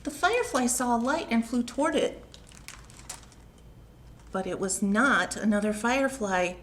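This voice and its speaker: A woman, a children's librarian, reading a picture book aloud at home, slow and expressive, pausing to ask the young listeners questions. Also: fairly high pitch, a little hiss or hum.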